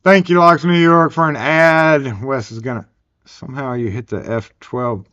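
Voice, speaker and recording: A man's voice: mid-range voice, steady tone, normal speed, fairly bright tone. A man with a Southern US accent hosting a casual live stream, rambling and joking as he chats. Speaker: livestream host. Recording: dull lo-fi sound.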